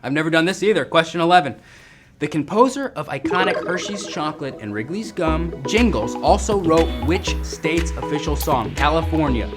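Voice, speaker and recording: A man hosting a live trivia game, excitable and jokey with quick banter between questions. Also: a little high, over loud music. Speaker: game show host.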